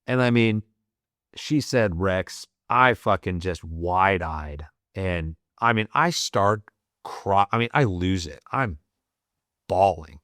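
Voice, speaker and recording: A man from the United States, a Marine veteran guest on a podcast, telling a personal story candidly, with heavy swearing, fillers and halting restarts, choked up and teary. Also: low voice, lively intonation, a bit bright, no echo, clean studio sound. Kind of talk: emotional storytelling in a podcast interview.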